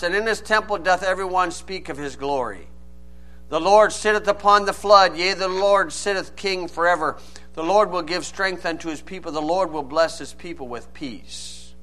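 A man's voice: high-pitched, sharp tone. A man preaching a sermon, reading old-style scripture and then explaining it plainly and with emphasis.

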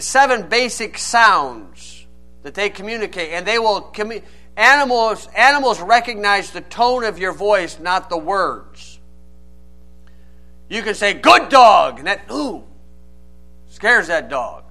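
Bright, high-voiced preacher. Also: male voice. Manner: reads scripture in King James style, then explains plainly and emphatically. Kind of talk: sermon.

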